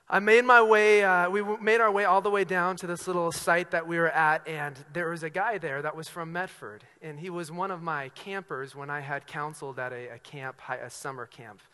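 A man preaching a sermon, telling stories with acted-out dialogue and swinging from loud to hushed. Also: a little high, in a large hall. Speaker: pastor.

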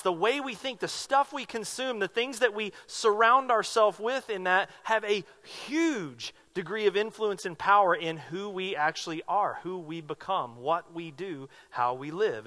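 A man's voice: high-pitched, pushed and bright. A man preaching a sermon as pastor, earnest and emphatic, repeating phrases for weight.

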